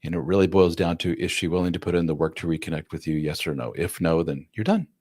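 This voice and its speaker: A man's voice: low voice, fast, breathy edge, no echo. A man hosting a live chat, giving blunt, casual relationship advice to viewers' questions and calling them man and dude. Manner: animated, acts out quoted voices. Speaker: host giving relationship advice to divorced dads.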